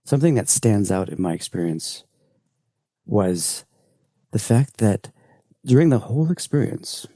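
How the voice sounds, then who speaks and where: A man, an elder of a spiritual community, slowly recounts a spiritual experience in a reflective group sharing, with halting restarts. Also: lowish voice, sing-song, mellow, no room sound. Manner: slow, searching, halting restarts.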